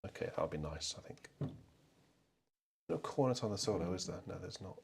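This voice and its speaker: Man from the north of England, low voice with a lively lilt; casual, self-amused livestream host at the organ. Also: moderate pace, vocal fry, slightly rough. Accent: English, mild Northern trace. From North Derbyshire and South Yorkshire, England. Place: church with organ.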